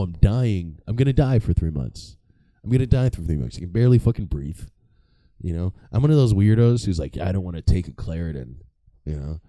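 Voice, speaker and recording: A man's voice: deep voice, warm tone, dry recording. A young man doing a casual, profane comedic monologue, rambling and mocking himself. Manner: rambling, profane, self-mocking, laughs at own jokes. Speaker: comedy podcast host.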